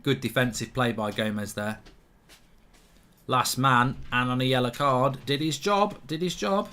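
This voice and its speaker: Man, host of a football watch-along, chatty, mid-pitched, reacting to play. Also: a little slow, sharp tone. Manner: chatty, reads out viewer questions, reacts to play.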